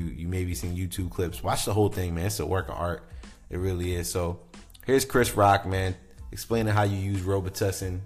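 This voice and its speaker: A man's voice: sits low, a little mellow. A man hosting a casual show, rambling enthusiastically and filling his talk with "like" and "you know". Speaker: podcast host. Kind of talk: casual commentary.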